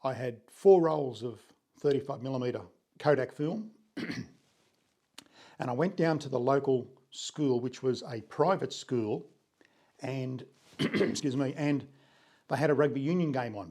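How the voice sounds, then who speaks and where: Speaking at a medium pitch with a slightly mellow tone, an older Australian man from Sydney recounts his photography journey. The vlog is earnest and unhurried, and he often clears his throat.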